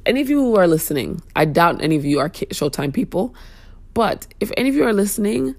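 A woman's voice: mid-range voice, sing-song, fast, gravelly, darkish tone, no echo. A young woman hosting a casual talk show, venting bluntly and sassily with plenty of profanity. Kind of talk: casual opinion rant.

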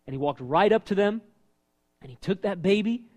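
A man preaching a sermon as pastor, animated and asking his listeners questions. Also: high voice, moderate pace. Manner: animated, asks the congregation questions. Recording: long reverb of a hall.

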